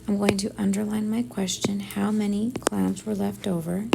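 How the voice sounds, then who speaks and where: A woman teacher working through division word problems step by step, thinking aloud and often dropping to a soft near-whisper. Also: mid-range voice, little pitch movement, moderate pace, vocal fry, very noisy. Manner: thinks aloud step by step, often softly under her breath. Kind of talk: math lesson walkthrough.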